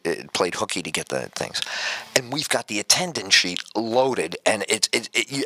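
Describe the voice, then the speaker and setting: A man's voice: on the low side, dry recording. A male radio talk show host telling a comic story as a rambling monologue and acting out the voices in it. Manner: animated, rambling storyteller who acts out voices.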